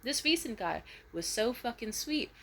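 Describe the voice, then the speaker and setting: A young woman vlogging a casual storytime rant, swearing freely and switching to high, loud voices when she quotes people. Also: normal speed, slight background noise. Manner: animated, profane, jumps into high voices when quoting.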